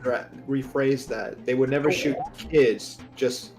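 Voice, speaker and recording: A man's voice: mid-range voice, steady tone, takes it slowly. A man in casual gameplay chat, sarcastic and full of questions. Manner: sarcastic, quizzing.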